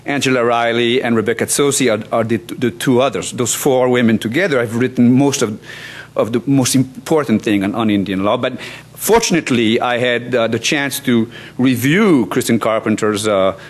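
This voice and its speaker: A man's voice: mid-range voice, moderate pace. A law professor in his sixties, from France, giving a conference talk with many restarts, fillers and wry asides. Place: conference hall.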